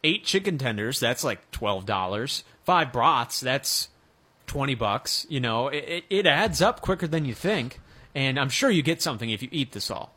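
A man's voice: medium pitch, expressive, moderate pace, sharp tone, breathy edge. A man hosting a sports radio show, chatting casually and joking, with frequent restarts.

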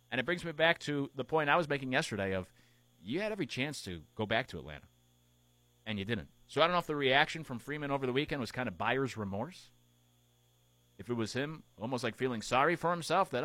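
A man's voice: mid-range voice, expressive, fast talker, fairly bright tone, no echo. Man hosting casual sports talk. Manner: conversational, musing aloud with relationship analogies. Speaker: sports radio host.

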